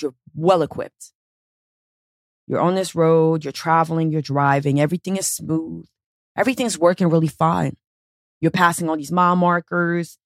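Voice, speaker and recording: A woman with a fairly low voice delivers a motivational podcast monologue, coaching listeners in a blunt, casual way. She swears freely and tells her points as animated little stories. The sound is close and dry, with no room around it. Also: no room sound. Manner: casual, profane, animated storytelling. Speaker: podcast host and weight-loss coach.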